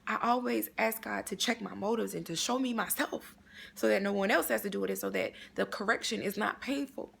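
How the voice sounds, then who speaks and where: Lady doing an inspirational faith talk, super gravelly creaky voice, faint hiss behind. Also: mid-range voice, fairly quick, a bit bright. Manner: earnest, prayerful, repeats phrases for emphasis. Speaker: inspirational vlogger.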